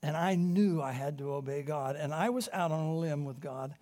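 A man delivers a sermon in a voice pitched well above the usual male range. He tells stories with animation, pressing hard on key lines and then dropping to a hushed tone. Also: moderate pace. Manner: animated storytelling, swings between loud emphasis and hushed tones. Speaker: preacher.

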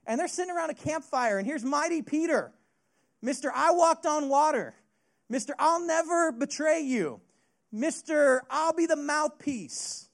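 A man preaching a sermon as a youth pastor, retelling a story with an expressive delivery. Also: extremely high pitch, normal speed, gravelly.

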